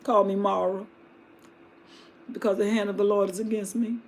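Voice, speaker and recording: A woman's voice: mid-range voice, little pitch movement, normal speed, a little mellow, natural voice. A woman voicing a grieving aging widow who pleads with her daughters-in-law in a folksy, weary way during a live Bible retelling. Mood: bitter.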